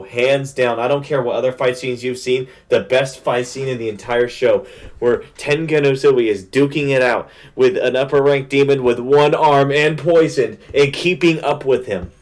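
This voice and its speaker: A young man giving a casual spoiler recap of an anime, talking in an excited, slang-heavy rush. His voice sits at an everyday middle pitch, and he piles up fillers as he goes. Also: normal speed. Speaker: anime reviewer.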